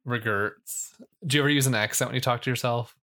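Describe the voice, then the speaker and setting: A young man co-hosts a podcast in a relaxed, rambling way, often joking at his own expense. His voice sits at a middle pitch for a man. He talks casually and loosely. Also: very fast. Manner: easygoing, rambling, self-deprecating. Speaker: podcast co-host. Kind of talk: casual chat.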